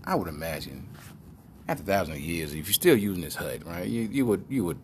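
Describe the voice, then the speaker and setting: A man's voice: sits low, big pitch swings, fairly quick, darkish tone, a little hiss or hum. A man hosting a show, riffing on news stories in a loose, joking, slangy way and spinning silly tall tales. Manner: loose, joking, rambling storyteller with slangy speech. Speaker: podcast host reacting to news. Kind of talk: comedic news commentary.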